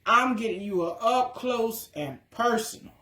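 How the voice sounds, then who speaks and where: A woman talking through her cooking in a casual vlog, full of drawn-out excited exclamations. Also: on the high side. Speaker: cooking vlogger. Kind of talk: casual cooking video talk. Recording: echoey room.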